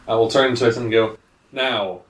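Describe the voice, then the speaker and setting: A man's voice: lowish voice, normal speed. A man playing a vampire in a tabletop role-playing game, with playful in-character lines. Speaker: player. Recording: roomy, distant mic.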